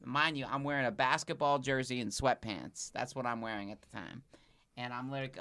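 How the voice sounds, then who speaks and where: A man's voice: medium pitch, fairly quick, fairly bright tone. A male comedian on a podcast, telling a story in a loose, rambling way full of restarts and fillers. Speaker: comedian guest.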